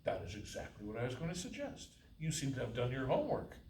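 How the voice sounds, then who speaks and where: Awkward young clerk, raised pitch, eager to please, as the author puts him on; roomy and distant. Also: male voice, huge pitch swings, quick pace, darkish tone. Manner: polite, fumbling, overly helpful. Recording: roomy, distant, faint hiss.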